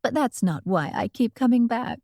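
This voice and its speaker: Woman doing a smug witch heckler, teasing, sing-song high notes, dry close audiobook sound. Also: animated, moderate pace, a little mellow, no room sound. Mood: sly. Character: scheming middle-aged female witch heckler.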